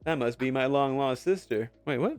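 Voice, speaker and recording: A man's voice: medium pitch, moderate pace, darkish tone, faint music behind. A young man live-streaming a game, chatting with viewers in a joking, sarcastic way and swearing casually.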